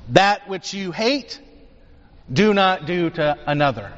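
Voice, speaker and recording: A man preaches a sermon, teaching emphatically and posing rhetorical questions to his listeners. His voice is fairly high and a bit bright, and the recording sounds dull with long hall reverb.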